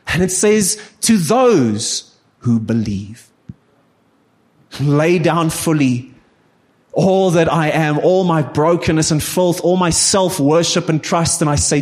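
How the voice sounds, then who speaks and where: A man's voice: high-pitched, expressive, slow. A man preaching a sermon, telling a story earnestly and addressing his listeners as guys.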